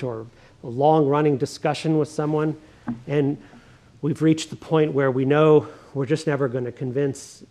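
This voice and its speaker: A male pastor giving a reflective, measured sermon, reading scripture with emphasis. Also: a little high, creaky, a little mellow.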